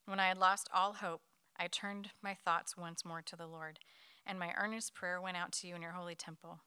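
A woman leading a Bible study, reading a scripture passage aloud to her group at a quick pace. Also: lowish voice, clear, resonant tone, no room sound. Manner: quick, lively reading with light laughs.

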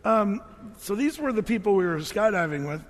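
A middle-aged man with a notably high voice tells a funny story from his past in a loose, rambling way, backing up and restarting his sentences. His voice carries into a large hall and trails off in a long reverb. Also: big pitch swings, moderate pace, a little hiss or hum. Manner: loose, rambling, self-correcting. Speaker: speaker telling a personal story. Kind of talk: humorous storytelling to an audience.

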